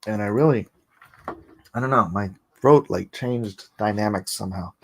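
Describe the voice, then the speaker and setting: A man hosting a casual livestream, chuckling often and reading chat aloud, a little hoarse after coughing. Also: on the low side, wildly swooping pitch, slow pace. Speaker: livestream host.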